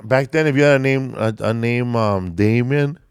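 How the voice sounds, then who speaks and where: A man's voice: mid-range voice, moderate pace, clean tone, no room sound, clean studio sound. A man hosting a casual chat, rambling, joking and swearing freely. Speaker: podcast host.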